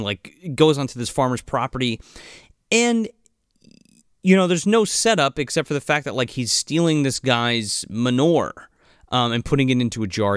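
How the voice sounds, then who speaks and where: Animated, swearing male podcast co-host. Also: medium pitch, clean tone, no room sound, studio quality. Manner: swears a lot, acts out movie lines in loud goofy voices. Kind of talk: casual movie chat.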